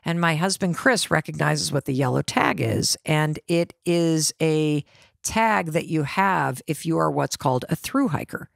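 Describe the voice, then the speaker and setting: Middle-aged woman host, lowish voice, lively storyteller who acts out dialogue, dry sound. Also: unhurried, gravelly, no echo. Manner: animated, acts out quoted family dialogue. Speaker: podcast host. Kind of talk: personal storytelling.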